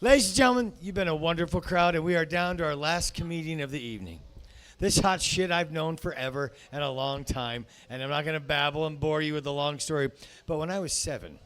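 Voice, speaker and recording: Excitable high-voiced male comedy host. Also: fairly quick, smooth. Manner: loud, excitable, swearing. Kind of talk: hyping the crowd, introducing comics. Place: comedy club stage.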